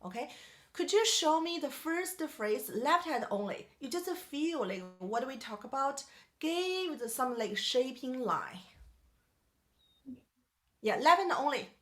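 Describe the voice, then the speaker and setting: A woman's voice: high-pitched, sing-song, slow pace, a bit bright. A woman teaching a piano masterclass, singing melodies on syllables and questioning her student in simple English. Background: piano playing.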